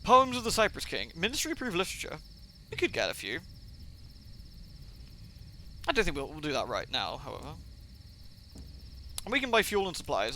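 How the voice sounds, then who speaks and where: Male streamer, casual read-aloud with asides; bright, faint hiss behind. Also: a little high, poor audio. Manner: chatty, reads text aloud with asides and fillers. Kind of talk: casual game-text reading aloud.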